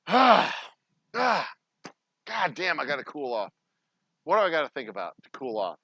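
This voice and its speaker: Man, distillery vlogger, high and lively, heavy swearing, rambling rants. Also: unhurried, vocal fry, pauses often, no echo. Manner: profane, ranting, heated. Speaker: distillery owner. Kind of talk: casual behind-the-scenes vlog talk.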